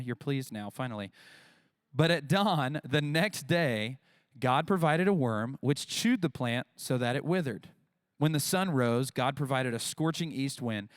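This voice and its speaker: A man's voice: medium pitch, no room sound, clean studio sound. A man pastor giving a sermon in a casual, conversational way, with lots of fillers and asides. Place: church.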